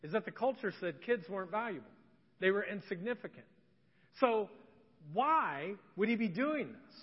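A man's voice: high voice, expressive, moderate pace, breathy edge. A male pastor preaching a sermon in a church, telling stories animatedly and acting out scenes. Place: church sanctuary. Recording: dull recording with long church reverb.

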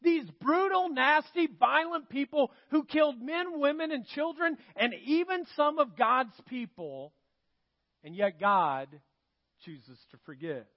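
A pastor with a strikingly high voice preaches slowly and with emphasis, throwing rhetorical questions at his congregation. The recording sounds dull and lo-fi, like a church mic feed. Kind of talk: sermon. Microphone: handheld or stand mic that slips.

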